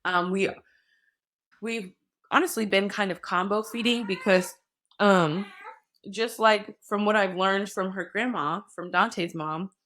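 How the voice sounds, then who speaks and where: A young adult woman, a podcast guest, telling her story in a candid, animated way. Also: medium pitch. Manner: animated retelling, voicing others in quotes.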